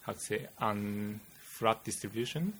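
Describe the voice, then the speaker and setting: A man with a Japanese accent, a physicist guest explaining theory in casual chat, halting and searching for words. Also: on the low side, a bit bright, slightly rough. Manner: halting, many "you know" fillers, searching for words.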